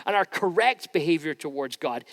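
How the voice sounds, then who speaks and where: Man, pastor, relaxed conversational sermon delivery, high voice, long church-hall reverb. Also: moderate pace. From Scotland. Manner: conversational, informal preaching with frequent restarts. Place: church sanctuary.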